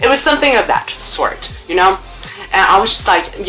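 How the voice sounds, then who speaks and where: With faint music playing behind her, a young woman talks briskly to camera at home, telling a casual story. This storytime vlogger is animated and playful, swears and uses fillers often, and voices other people's lines with sharp pitch jumps.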